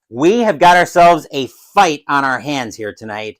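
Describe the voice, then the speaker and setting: A man calls a tabletop baseball game like a broadcast announcer. His voice sits a bit high and swings widely in pitch. He grows loud and excited when a big play comes. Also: normal speed, low-quality recording. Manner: excited, rises sharply on big plays; adds his own crowd cheers. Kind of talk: solo play-by-play commentary of a dice baseball game.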